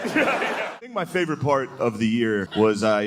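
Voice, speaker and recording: A man's voice: medium pitch, animated, a little fast, hardly any pauses, crowd noise. A man doing a stand-up comedy set, laid-back and crude, often slipping into exaggerated character voices. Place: comedy club stage before a laughing audience.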